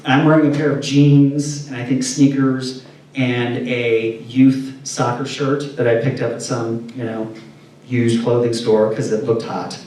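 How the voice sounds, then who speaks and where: With a mid-range voice and measured pace, an interview guest from Indiana shares candid stories casually, animatedly performing the quotes within them. The distant mic and echoey room leave some slight background noise.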